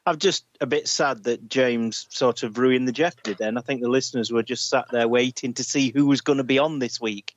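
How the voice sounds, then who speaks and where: A man's voice: medium pitch, fairly quick, few pauses, highs cut off. Wry man grumbling in podcast chat. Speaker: podcast co-host.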